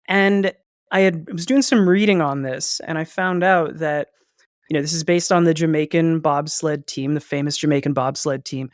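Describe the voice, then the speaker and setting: A man's voice: fairly high pitch, smooth, dry recording. A man co-hosts a podcast in loose, casual chat. He rambles, circles back, and drops in jokes. The mic is close and dry, with no room sound. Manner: rambling, joking, trails off into asides. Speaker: podcast co-host.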